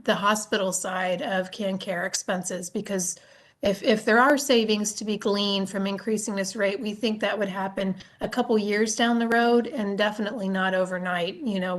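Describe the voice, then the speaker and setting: A woman speaks as a state agency official testifying before a legislative committee. Her voice sits in a middle pitch. She explains points at a steady, measured pace and fills pauses with "um". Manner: measured, explanatory, frequent "um" fillers.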